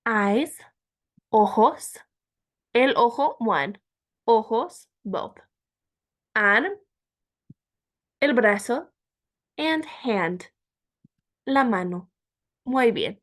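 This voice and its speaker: Woman, language teacher, slow, repeating each word, higher-pitched. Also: animated, a bit bright. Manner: slow and deliberate, repeating words for learners. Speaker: Spanish teacher. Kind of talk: language lesson.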